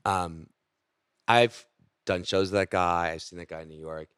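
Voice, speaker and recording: A man, a stand-up comedian, telling stories in casual podcast chat, with a slight gravel from a cold and a profane, animated manner. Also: deep voice, normal speed, no echo, studio quality.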